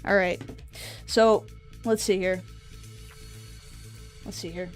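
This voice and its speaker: A woman's voice: mid-range voice, steady tone, takes it slowly, faint music behind. Rambling woman streamer, offhand chat. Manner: rambling, offhand, drifting asides. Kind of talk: casual live-stream chat.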